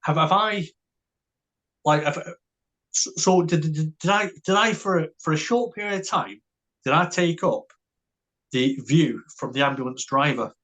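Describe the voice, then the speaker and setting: A man's voice: fairly high pitch, a little slow, long pauses, a bit bright. A man, a podcast guest telling a story in a casual way. He stammers and restarts often and keeps tagging his lines with "right?" and "mate".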